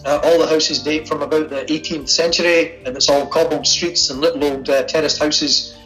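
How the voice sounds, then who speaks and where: A man's voice: fairly high pitch, fairly even intonation, moderate pace, a bit bright, soft background music, rough recording. A man from Scotland with a Scottish accent, a sculptor chatting easily as a guest in a remote interview from his attic studio at home. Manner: easygoing, chatty, laughs easily. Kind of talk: casual interview over a call. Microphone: remote call.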